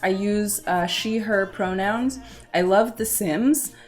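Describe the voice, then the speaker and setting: Flustered slow-talking woman streamer. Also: medium pitch, darkish tone. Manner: flustered, awkward, giggly. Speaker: livestream host. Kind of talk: casual livestream chat.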